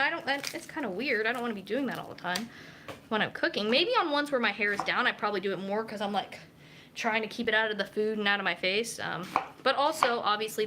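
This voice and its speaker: Speaking at medium pitch, her voice pushed and bright, the young dietitian rambles casually with plenty of fillers while she cooks at home on a live stream. Her camera mic adds a little hiss or hum.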